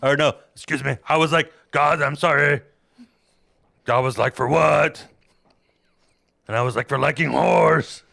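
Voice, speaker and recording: Brief: a man playing a gravelly, bright-edged strongman hero in a thick action-star impression, booming and deadpan. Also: a little slow, long pauses, heavily acted. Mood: boastful. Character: burly strongman hero retelling a Bible tale.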